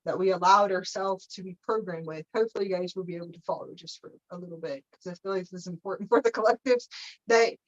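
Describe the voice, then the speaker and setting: A woman's voice: lowish voice, fast talker, highs cut off. A woman leading a live spiritual teaching session, meandering through her points, often checking in with "okay?" and breaking into playful laughter.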